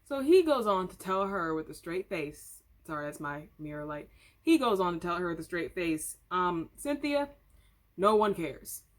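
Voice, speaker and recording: A woman's voice: on the low side, expressive, normal speed. A woman vlogger at home retelling an online story in casual commentary, chatty, candid and opinionated. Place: home room.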